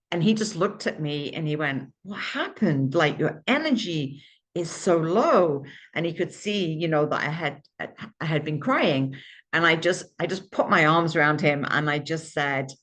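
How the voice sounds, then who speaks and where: A woman's voice: low voice, a little slow, fairly bright tone. A woman hosting her own podcast, telling a candid, emotional personal story with frequent restarts and asides. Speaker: podcast host.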